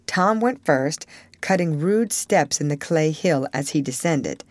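A woman narrating a classic novel aloud in a measured, expressive storytelling manner. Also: deep voice, no echo. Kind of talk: audiobook reading of a classic novel.

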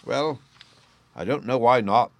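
A man voicing a jovial veteran police inspector who talks heartily and exclaims loudly. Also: mid-range voice, unhurried, no room sound, lightly acted. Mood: amused. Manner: hearty, chuckling, loud exclamations.

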